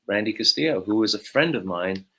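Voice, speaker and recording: A man, a bassist telling stories in an interview, with lots of fillers. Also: expressive, fairly quick, fairly bright tone, slightly rough. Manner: rambling storyteller, many fillers. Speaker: guest bassist. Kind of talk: anecdotal interview talk.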